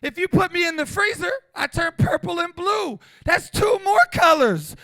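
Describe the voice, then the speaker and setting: A man in his forties doing a profane stand-up routine at a small comedy venue, brash and loud, often breaking into shouts. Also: very high-pitched, measured pace, vocal fry, hardly any pauses, dry recording.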